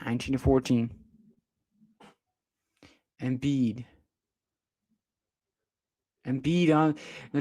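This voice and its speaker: A young man doing amateur play-by-play commentary on a livestream, excitable, with sudden jumps in pitch on big plays. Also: slow, pauses often, dry recording.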